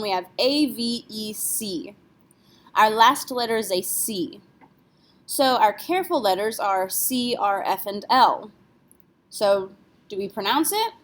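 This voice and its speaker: A woman teaching French pronunciation in a patient lesson, spelling words out letter by letter. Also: fairly high pitch. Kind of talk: classroom lesson explanation.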